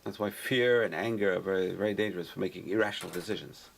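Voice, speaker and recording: A man's voice: low-pitched, quick pace, gravelly, a little hiss or hum. A man, a rabbi, teaching a class and repeating his key points for emphasis. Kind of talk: lecture-style Torah class.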